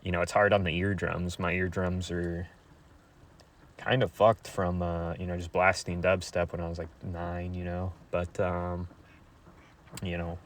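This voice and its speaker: A young man talking to his viewers in a crude, rambling monologue, halting with many fillers. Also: sits low, level tone.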